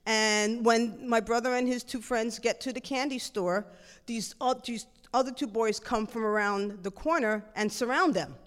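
A middle-aged woman telling a personal story in a lively, animated way, jumping into acted-out dialogue. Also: on the high side, moderate pace, long reverb tail.

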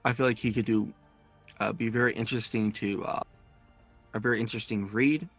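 A man co-hosting a podcast, reading listener comments aloud in a casual, halting way. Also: lowish voice, fairly even intonation, a bit bright, dry recording, soft background music. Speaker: podcast co-host. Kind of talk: casual chat.

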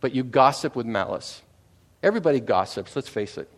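A man's voice: mid-range voice, expressive, brisk. A middle-aged Canadian man preaching a sermon in a conversational way. He often repeats words and checks in with the congregation. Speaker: pastor.

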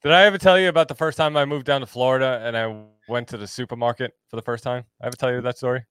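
New guy telling a story on a podcast, laughs a lot, smooth voice, dry mic. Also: mid-range voice, fairly even intonation, very fast, a bit bright, dry recording. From New York. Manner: laughs often, tells stories. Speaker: podcast co-host. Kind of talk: casual chat.

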